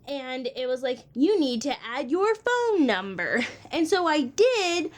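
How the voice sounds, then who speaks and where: High-voiced chatty woman in her twenties. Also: big pitch swings, unhurried. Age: 20s. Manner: chatty, exasperated, laughs between lines. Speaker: vlogger. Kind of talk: casual vlog chat.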